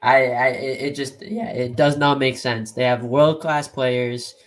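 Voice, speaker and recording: A man speaks emphatically and sounds exasperated as he chats about football with friends on a podcast. His voice is ordinary, with a middle pitch. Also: steady tone, unhurried. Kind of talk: casual sports chat.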